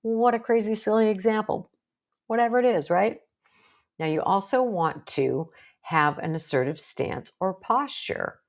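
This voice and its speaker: A woman's voice: mid-range voice, lively intonation, a little slow. A woman psychologist with a strong, assertive voice, giving an educational talk to viewers in a direct, coaching way. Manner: direct, coaching, self-deprecating asides.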